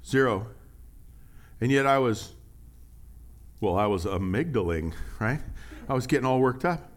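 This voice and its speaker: Animated, conversational male preacher. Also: medium pitch, a little slow. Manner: conversational and animated, with acted-out quotes and laughs. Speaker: pastor. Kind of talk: sermon.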